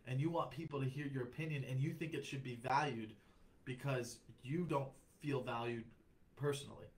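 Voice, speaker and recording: A man's voice: medium pitch, a little hiss or hum, rough recording. A young man chatting on a comedy podcast as a guest, rambling and reflective, with many restarts. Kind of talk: casual podcast chat.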